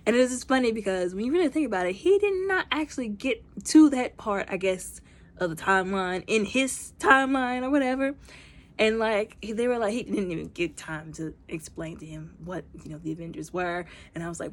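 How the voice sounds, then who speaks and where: Animated woman recapping a movie. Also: mid-range voice, brisk. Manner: animated, acts out movie characters in quotes; heavy use of fillers like "like" and "you know". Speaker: movie reviewer. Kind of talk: casual recap and review.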